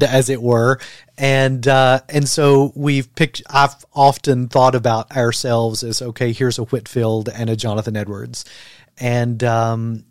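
A man's voice: medium pitch, no room sound, clean studio sound. A man from the United States, a guest author, speaking earnestly and thoughtfully in an interview, with frequent fillers. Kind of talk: conversational interview.

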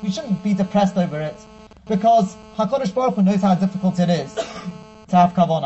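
Rabbi-teacher, man, high mellow voice, animated storyteller, slightly lo-fi. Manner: animated storyteller who acts out quotes. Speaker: rabbi giving a Torah class. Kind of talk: storytelling sermon. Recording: dull with faint mains hum.

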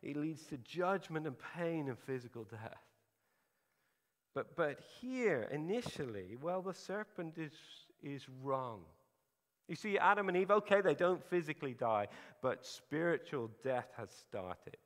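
A man preaching a sermon, earnest and emphatic, pausing for effect. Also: on the high side, big pitch swings. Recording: hall reverb.

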